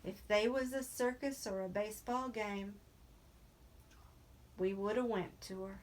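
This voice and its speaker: A woman's voice: medium pitch, a little slow, slight background noise, lightly acted. A woman reading as a bitter old ranch hand. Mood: grieving. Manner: bitter, shaky, scolding. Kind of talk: reading a novel aloud.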